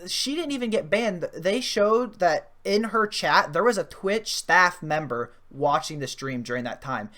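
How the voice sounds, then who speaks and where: Lively, emphatic podcast co-host. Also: medium pitch, measured pace, few pauses. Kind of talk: casual chat.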